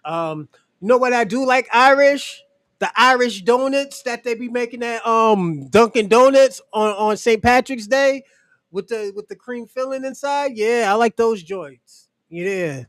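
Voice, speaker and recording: A man holds forth on a livestream in a loose, profane, mocking rant, often breaking into laughter. His voice sits high for a man and sounds close and dry, with no room around it. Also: a bit bright, dry recording. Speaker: livestream host.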